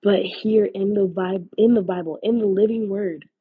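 A woman's voice: medium pitch, steady tone, normal speed, slightly rough. A woman hosting a podcast, giving an earnest devotional talk in a casual, preachy way full of fillers. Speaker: podcast host. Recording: phone-like, lo-fi audio.

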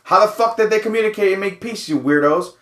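A man with a notably high voice, recorded in a reverberant room. He rants in casual chat, swearing freely and throwing out rhetorical questions. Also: quick pace, fairly bright tone.

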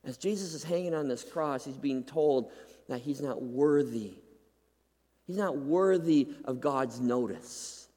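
A man preaching a sermon, swinging from loud, pleading peaks to hushed, near-whispered drops, often checking in with "right?". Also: medium pitch, measured pace. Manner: emphatic, dramatic rises and hushed drops, repeats "right?". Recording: long hall reverb.

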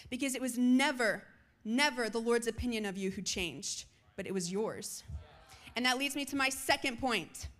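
A young woman preaching a sermon to students, moving between loud calls and soft, hushed lines. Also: a little high. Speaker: youth speaker.

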